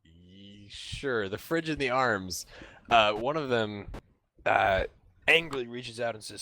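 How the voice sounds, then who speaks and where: A man's voice: medium pitch, lively intonation, slow, bright, forceful tone, a little hiss or hum. A young man narrating a tabletop role-playing game as game master, rambling and full of fillers. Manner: rambling, filler-heavy storytelling.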